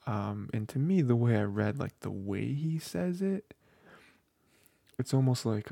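Male podcast co-host, husky-gravelly, close and dry, rambling fan chatter. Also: medium pitch, animated, a little slow, dark tone, dry recording. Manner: rambling, filler-heavy, with many "you know" and "like". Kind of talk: casual book discussion.

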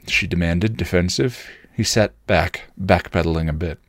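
A man hosting a podcast, reading fan fiction aloud and signing off in a relaxed, grateful way with small hesitations. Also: low-pitched, normal speed, dry recording, clean studio sound. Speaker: podcast host.

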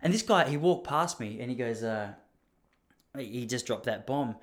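A man's voice: medium pitch, animated, moderate pace. An Australian man in his thirties, telling a casual story in a rambling, self-deprecating way with many asides. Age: 30s.

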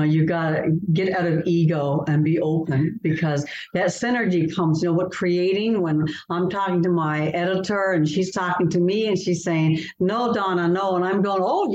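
A Canadian woman novelist, appearing as an interview guest, tells stories earnestly and expressively in conversation. Her voice is fairly low and darkish in tone, and the recording sounds roomy, dull and lo-fi.

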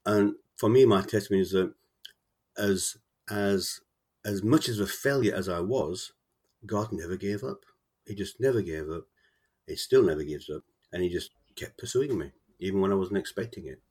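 A man with a very low, husky voice who speaks haltingly and earnestly. He often repeats words as he tells an emotional personal story. He sounds like a guest on an interview. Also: darkish tone. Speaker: author guest. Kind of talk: casual interview, personal testimony.

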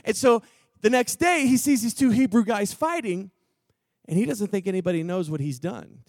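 Texas guy preaching, casual slangy storytelling, high voice, dry sound. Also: animated, moderate pace, darkish tone, no echo. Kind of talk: sermon with a prayer and storytelling. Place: church gathering room.

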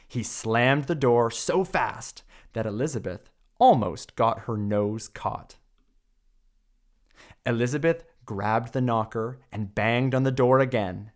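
A man co-hosting a podcast and reading a picture book aloud. his delivery is slow and unhurried, with a very lively, expressive pitch that rises and falls through the story. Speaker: podcast co-host.

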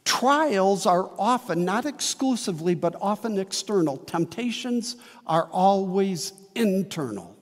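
A man preaching a sermon as a pastor, earnest and emphatic, with slow dramatic pauses. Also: high voice, lively intonation, in a large hall.

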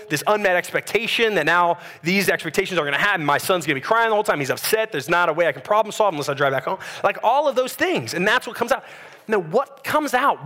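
Male preacher, high bright voice, chatty storytelling sermon. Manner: conversational, animated storytelling with frequent "right?". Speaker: pastor.

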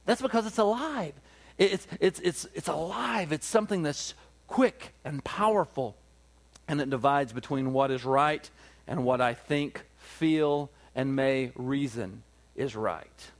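High-voiced emphatic male pastor. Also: unhurried. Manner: emphatic, repetitive preaching with rhetorical questions. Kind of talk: sermon.

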